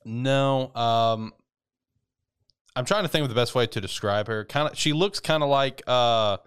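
A man's voice: medium pitch, unhurried, fairly bright tone, clear, resonant tone. A man co-hosting a podcast, recapping an anime episode in casual, rambling chat, swearing freely and laughing often.

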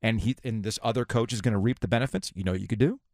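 A man's voice: on the low side, rapid-fire, darkish tone, no room sound, studio quality. A man hosting sports talk radio, ranting sarcastically. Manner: sarcastic, ranting, mocking voices of officials.

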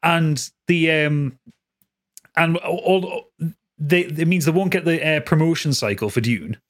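A man's voice: on the high side, unhurried. Heated, swearing man ranting. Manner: swears freely, rants heatedly. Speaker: podcast co-host. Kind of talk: casual chat.

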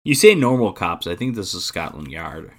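A man with a notably low, deep voice talks through a movie in relaxed podcast chat. He is animated and chatty, filling in plot details as he goes. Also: moderate pace. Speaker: podcast co-host. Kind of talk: casual movie-review chat.

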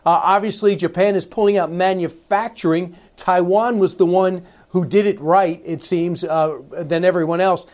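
A man's voice: sits high, darkish tone. A male radio host interviewing a guest, pressing his points with emphatic, pointed questions. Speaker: radio talk show host.

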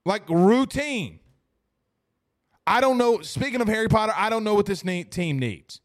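A man's voice: high voice, animated, a little fast, no echo, clean studio sound. A man hosting a casual sports talk livestream, reading chat comments and rambling emphatically with repeated phrases. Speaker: host reading live chat. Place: studio.

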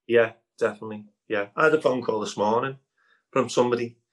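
A man's voice: mid-range voice, quick pace, poor audio. A man from Liverpool with a Scouse accent, chatting as an interview guest, rambling with lots of fillers and restarts and laughing easily. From Liverpool, England. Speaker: improv comedy guest. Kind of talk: casual interview chat over video call.

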